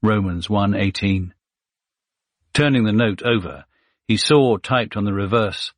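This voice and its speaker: A male audiobook narrator reads a scripted suspense thriller in a steady, measured way, his husky voice sitting fairly low. The recording is dry and close, with no room sound or echo.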